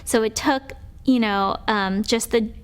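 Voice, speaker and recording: Thoughtful woman, clear smooth voice. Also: on the high side, a little slow. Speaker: mother. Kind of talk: interview.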